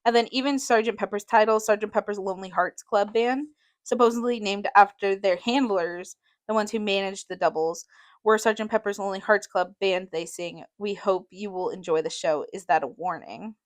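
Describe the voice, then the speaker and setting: A woman's voice: medium pitch, normal speed. A woman co-hosting a podcast, telling a conspiracy theory in a loose, casual chat full of fillers. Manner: tells conspiracy theory with fillers, laughs easily. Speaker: podcast co-host.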